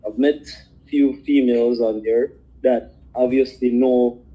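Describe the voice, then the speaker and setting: A man's voice: mid-range voice, fairly even intonation, unhurried, highs cut off. A man from Jamaica with a Jamaican accent, calling in to a podcast and chatting in an easygoing, polite, slightly hesitant way. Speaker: caller. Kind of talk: casual call-in chat. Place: Toronto, Canada.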